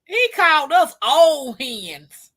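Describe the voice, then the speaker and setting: Bright, lively woman host. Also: sits high, takes it slowly. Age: 40s. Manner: teasing, laughs often. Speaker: show host. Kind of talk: casual chat.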